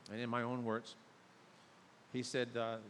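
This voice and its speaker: A man preaching a sermon in a big hall, his voice trailing off in a long reverb. He tells stories and builds to loud, emphatic high points. A faint hiss sits under the recording. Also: completely flat delivery, a little slow. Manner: storytelling, rising to loud emphatic peaks. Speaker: pastor.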